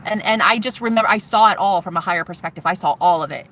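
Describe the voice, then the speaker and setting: A woman's voice: fairly low pitch, fast, hardly any pauses, a bit bright, a little hiss or hum. A woman vlogger telling an intense personal testimony, swearing and speaking straight to her viewers.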